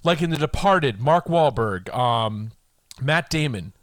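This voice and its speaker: A man's voice: medium pitch, unhurried, no room sound. A man in his thirties from the Boston area, co-hosting a casual chat, talking emphatically and repeating his points. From Boston area, USA. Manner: animated, emphatic, repeats himself. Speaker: podcast co-host.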